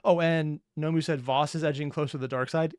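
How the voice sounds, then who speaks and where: A male reaction host trades sarcastic jokes as he comments on a story. His voice is smooth and crisp, sits a bit high, and is recorded close and dry with no room sound. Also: fairly even intonation, a little fast, darkish tone, no room sound. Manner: sarcastic, joking asides. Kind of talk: casual commentary.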